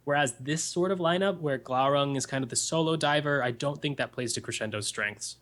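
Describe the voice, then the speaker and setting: A man's voice: medium pitch, fairly quick, a bit bright. A young man giving earnest, analytical color commentary on a live esports match.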